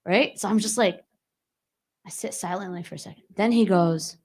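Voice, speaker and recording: At a community hall, a young adult woman appears as a guest speaker, giving a conversational talk built around a personal story. She often asks the audience questions, speaking at normal speed in a medium pitch.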